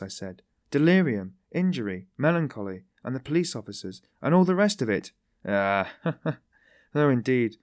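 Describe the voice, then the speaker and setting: A man's voice: medium pitch, darkish tone, no room sound, studio quality, lightly acted. A man voicing a sly, genial detective who teases in a mocking, ironic way. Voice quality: tittering, mocking.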